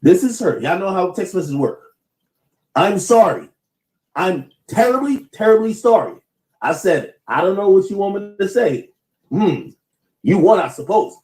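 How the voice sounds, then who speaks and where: A man's voice: sits high, very animated, moderate pace, a little mellow, roomy sound, low-quality recording. A man on a livestream telling a personal story in a rambling, stammering, defensive way.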